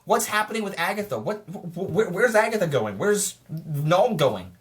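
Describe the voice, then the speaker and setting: An excitable reviewer talks through a film in a loose, casual vlog style. Sentences often stall and restart with stammered repeats. The voice sits at an ordinary middle pitch and keeps piling up frustrated questions. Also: moderate pace. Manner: frustrated, rhetorical, asks itself questions.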